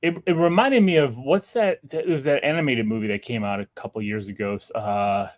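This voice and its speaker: A man's voice: mid-range voice, brisk. A middle-aged man hosting a podcast, talking earnestly and growing indignant as he reads reviews. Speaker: podcast host. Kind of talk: casual chat.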